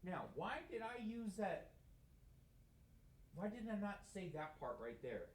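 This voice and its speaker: A man teaching a math lesson in a slightly higher voice, recorded in an echoey classroom. He lectures conversationally and keeps asking questions that he answers himself. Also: big pitch swings, measured pace, slight background noise. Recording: echoey room.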